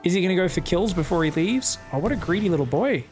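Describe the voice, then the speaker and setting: An Australian man giving solo commentary on a video game match, excitable and joking, with frequent swearing. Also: high-pitched, quick pace, soft background music. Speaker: esports caster.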